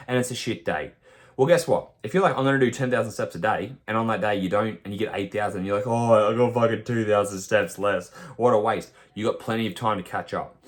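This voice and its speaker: Man, fitness coach, forceful and sweary, mid-range voice, podcast rant. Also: mid-range voice. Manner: forceful, profane, lecturing. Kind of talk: blunt podcast monologue.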